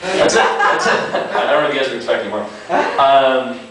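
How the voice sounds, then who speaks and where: A young man doing a stand-up set, rambling and halting with lots of fillers and self-aware asides. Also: medium pitch. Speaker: stand-up comic. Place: small comedy club. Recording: echoey club, distant mic, audible noise.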